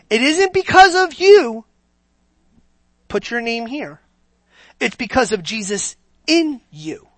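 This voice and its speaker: A man's voice: very high voice, no echo. A man preaching a sermon, emphatic and throwing rhetorical questions at his congregation.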